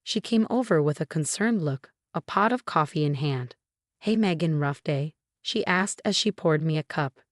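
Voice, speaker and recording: Low-voiced woman narrating a story. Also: no room sound, clean studio sound. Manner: even, measured reading, dialogue read in the same voice. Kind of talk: first-person scripted story narration.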